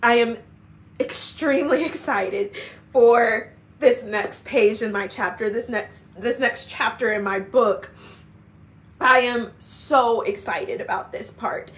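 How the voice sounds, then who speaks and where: A woman's voice: on the high side, slow, fairly bright tone. A middle-aged woman speaking in a heartfelt personal vlog, earnest and repeating phrases for emphasis. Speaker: leader of a women's community. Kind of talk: personal faith vlog monologue.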